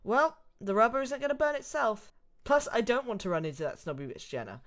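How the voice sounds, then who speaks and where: A woman's voice: on the high side, sing-song, fairly quick, pitched above the performer's own voice. A British woman voicing a sassy young female college student in her own exasperated voice, reading a visual novel aloud. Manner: exasperated, chatty.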